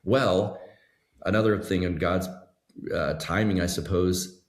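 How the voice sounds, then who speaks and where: A man telling a story as a podcast guest, relaxed and anecdotal, quoting others as he goes. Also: low voice, a little slow, roomy sound. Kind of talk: casual storytelling.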